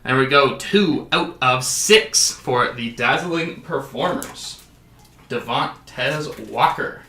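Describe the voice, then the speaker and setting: A man's voice: mid-range voice, animated, slow, pushed and bright, echoey room. A man hosting a sports card break, calling out each card and adding jokey asides. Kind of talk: casual card-opening commentary.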